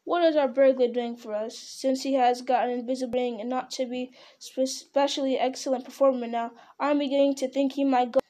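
A woman's voice: high voice, steady tone, fairly quick, hardly any pauses, warm tone, lightly acted. A woman doing a grumbling gloomy dwarf. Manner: complaining, grumbling.

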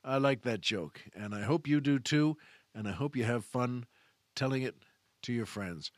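A man who is a comic, hosting a show with a folksy, repetitive, drawn-out monologue. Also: medium pitch, dry recording, studio quality. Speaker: podcast host and stand-up comic. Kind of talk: comedic monologue.

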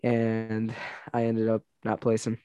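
A man's voice: lowish voice, completely flat delivery, slow, dark tone, lo-fi sound. A young man casually chatting and telling rambling, laughing stories, full of fillers and restarts. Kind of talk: casual chat.

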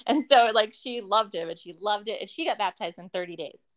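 A woman's voice: medium pitch, brisk. A woman telling a long personal story in casual conversation, acting out the voices of the people she quotes and laughing now and then. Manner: animated, acts out quoted voices, laughs often. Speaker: guest.

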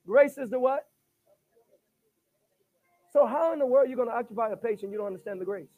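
A man preaching a sermon. He swings between shouted bursts and hushed asides, stuttering on repeated words and calling for replies. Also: very high-pitched, a little fast, pauses often, faint music behind.

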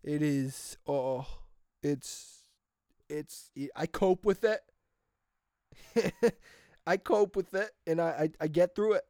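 Young American vlogger, rambling casual monologue, laughs a lot, medium pitch, dry sound. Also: expressive, extremely slow, pauses often, a little mellow, no room sound. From United States. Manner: rambling, laughs often, drifts off topic.

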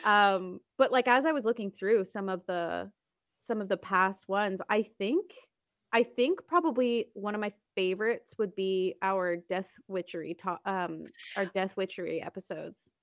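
A woman co-hosting a podcast, chatting casually and warmly about what the show has meant to her. Her voice sits at a middle pitch. It is recorded close and dry, with no room sound. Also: a little slow, no room sound. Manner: chatty, heartfelt, tearful at times. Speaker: podcast co-host.

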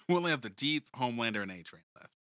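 A man co-hosting a podcast in casual chat, relaxed and slangy, laughing easily. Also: medium pitch, fast talker, no room sound. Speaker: podcast co-host.

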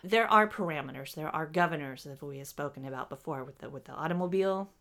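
A woman channeling spiritual teaching, speaking as a collective "we" in a measured, explanatory way. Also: low voice, a bit bright.

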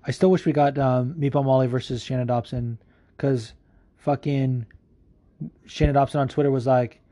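A man's voice: mid-range voice, steady tone, normal speed, warm tone. A man hosting a solo podcast, chatting casually, rambling and swearing a lot, laughing often. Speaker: podcast host.

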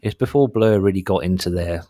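A man's voice: low-pitched, a little fast, warm tone. A man in his forties co-hosting a podcast, chatting casually and rambling, self-deprecating, now and then slipping into mock voices. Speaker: podcast co-host. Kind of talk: casual chat. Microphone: headphones, home mic.

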